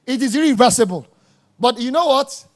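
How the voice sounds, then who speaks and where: A man's voice: very high-pitched, animated, brisk. A man preaching a sermon, emphatic and scolding, repeating words for stress.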